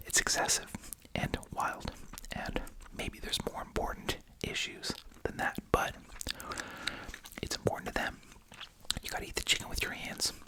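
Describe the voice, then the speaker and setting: Whispered, gum-chewing ASMR commentary comes across as chatty and wry, with plenty of asides and rhetorical questions.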